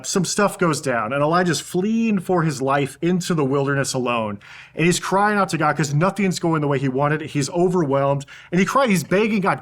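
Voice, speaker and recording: Casual young youth pastor, fairly high voice. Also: male voice, a bit bright. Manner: casual, peppered with "man". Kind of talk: youth sermon.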